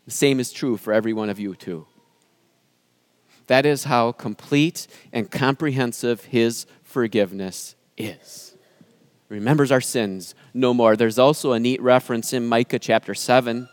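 A pastor giving an earnest sermon, speaking with emphasis and dramatic pauses. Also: male voice, medium pitch, no room sound.

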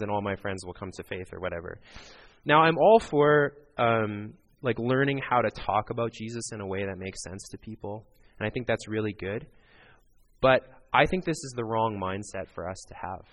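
A man's voice: on the low side, brisk, fairly bright tone. A man preaching a sermon in an earnest, conversational way, talking directly to his listeners. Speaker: pastor.

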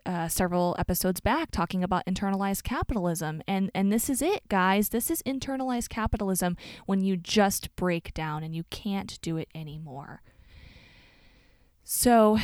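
A woman's voice: medium pitch, clear, resonant tone, dry recording, studio quality. A woman hosting a solo podcast, talking candidly and reflectively about her own life, often restarting her sentences. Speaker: podcast host.

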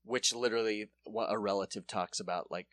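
A young adult man telling a story in casual podcast chat, acting out the people in it with sudden high voices. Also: fairly quick, no room sound. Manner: animated, acts out quoted people in a high voice. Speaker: podcast co-host.

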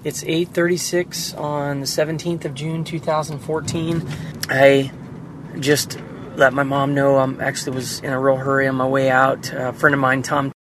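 A man's voice: mid-range voice, level tone, moderate pace, noisy background. A father recording an emotional personal video diary, talking earnestly and sighing often, from inside a car while driving.

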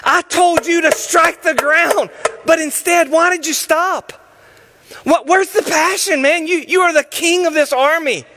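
A man voicing an exasperated male prophet who scolds a king loudly and in disbelief. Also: very high-pitched, moderate pace, few pauses, pitched above the performer's own voice. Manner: loud, scolding, incredulous.

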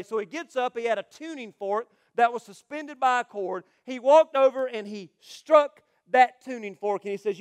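High-voiced pastor preaching with force. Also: male voice, normal speed, clean tone. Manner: swings between loud proclamation and quiet asides. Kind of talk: sermon.

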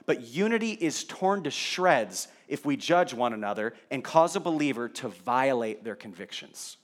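A man's voice: medium pitch, expressive, moderate pace. A male pastor preaching a sermon in a conversational way, asking the congregation rhetorical questions.

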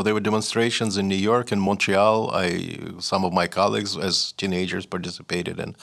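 A man's voice: low voice, gravelly, a bit bright. An older man from Leningrad with a Russian accent, a writer telling his story as an interview guest, hesitant with many fillers and restarts. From Leningrad, Soviet Union.

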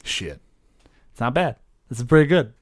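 A man's voice: medium pitch, big pitch swings, dry recording, clean studio sound, lightly acted. Man doing a touchy New York barbarian. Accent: put-on New York. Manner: gruff, quick to take offense, threatening. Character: hot-tempered male barbarian, touchy and boastful.

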